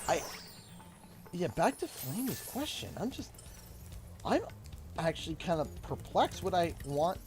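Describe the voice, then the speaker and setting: A man's voice: a little high, measured pace, pauses often. A young man casually chatting on a gaming livestream, reading out donations and laughing often. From Canada. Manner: animated, laughs a lot, reads donations aloud. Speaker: livestream host.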